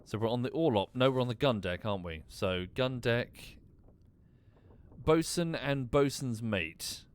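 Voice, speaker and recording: Lively man thinking aloud over a game. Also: medium pitch, unhurried, clear, resonant tone. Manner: thinks aloud, muttering and swearing. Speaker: streamer. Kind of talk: casual gameplay commentary.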